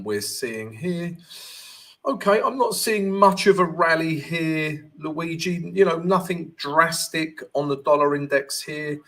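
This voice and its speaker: A man's voice: on the high side, a bit bright. Chatty man hosting a trading live stream. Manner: chatty, reads viewer comments aloud and answers them; upbeat greetings, talks while walking through charts. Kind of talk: casual live-stream chat.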